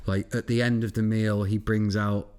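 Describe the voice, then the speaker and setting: A man's voice: lowish voice, level tone, normal speed, darkish tone, slight background noise. Joking, blunt man on a podcast. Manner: jokey, blunt, swears freely. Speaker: podcast guest, food presenter. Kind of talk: casual chat.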